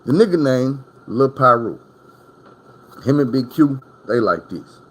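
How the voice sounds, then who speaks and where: A man tells stories straight to the camera in a loose, rambling way, cursing freely. His pitch sits in the middle range for a man, neither deep nor high. He drifts from tale to tale as if talking to friends. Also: expressive, measured pace, breathy edge. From Arkansas. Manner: profane, rambling, conversational. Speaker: storyteller recounting prison stories. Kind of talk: casual storytime monologue.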